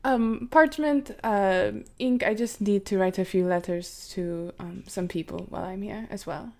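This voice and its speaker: A woman's voice: mid-range voice, a little slow, darkish tone. A woman playing a tabletop game, talking casually with many hesitant fillers. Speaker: player. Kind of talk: tabletop game role-play chat.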